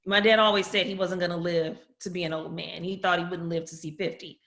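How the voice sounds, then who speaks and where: A woman's voice: fairly low pitch, fairly even intonation, fairly quick, fairly bright tone, echoey room. A woman guest on a podcast, telling a personal family story candidly and with feeling, often quoting people in her own voice. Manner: candid, emotional, quotes others in her own voice.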